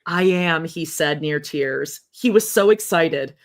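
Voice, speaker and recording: Woman, podcast co-host, lower voice, casual reader with frank asides. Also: slow. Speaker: podcast co-host reading a memoir aloud. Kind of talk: casual chat and reading aloud.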